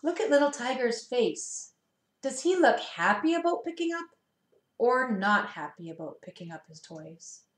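A woman's voice: on the high side, very animated, measured pace, reverberant. Sing-song woman reading to preschoolers. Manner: gentle, sing-song, asks children questions. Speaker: preschool teacher reading picture books. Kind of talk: storybook read-aloud for young children.

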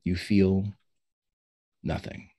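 Deep husky game master. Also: male voice, flat delivery, mellow. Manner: slows down for dramatic reveals. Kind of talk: narrating a tabletop role-playing game.

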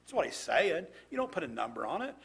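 Husky preacher with a lively voice. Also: male voice, a little high, quick pace. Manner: reads scripture aloud, then comments with rhetorical questions. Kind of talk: sermon.

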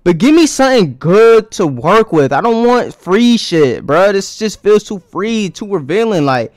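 A young man with a fairly high voice gives blunt, crude reaction commentary full of slang. He talks casually, like he is riffing with friends. The sound is dry and close, with no room around it. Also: big pitch swings, unhurried, no room sound. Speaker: host reacting to a dating video.

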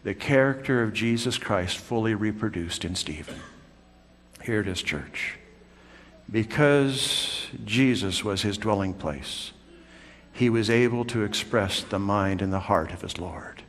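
A man preaching a sermon in a church, swinging from loud calls down to hushed whispers. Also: lowish voice, a little slow. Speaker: pastor. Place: church sanctuary. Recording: long church hall reverb.

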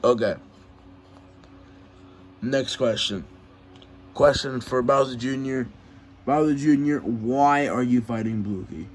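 A man moderating a mock fight press conference who announces each question briskly. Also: mid-range voice, slight background noise.

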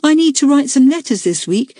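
A woman's voice: very animated, a little fast, mellow, dry recording, studio quality. A woman doing a pleading young schoolboy. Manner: pleading, high.

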